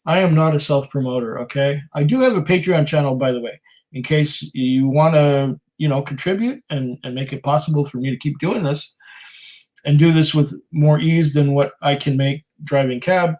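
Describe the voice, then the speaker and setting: A man's voice: a little high, moderate pace, a little mellow, low-quality recording. A man hosting a whisky channel, casually reading viewer comments aloud on a livestream in a rambling, self-deprecating way. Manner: rambling and self-deprecating, with many fillers and laughs.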